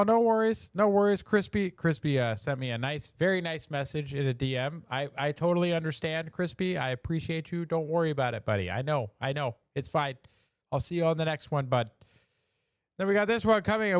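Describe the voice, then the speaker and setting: A man's voice: medium pitch, smooth, no echo, studio quality. A man hosting a casual live show, joking about memes in a chatty way and laughing at his own jokes. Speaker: show host.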